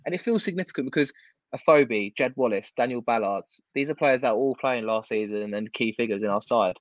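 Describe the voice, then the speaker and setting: A man's voice: medium pitch, fairly quick, dry recording. A man in casual football chat, blunt and ranting, with some swearing. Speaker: football podcast co-host. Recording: dull lo-fi sound.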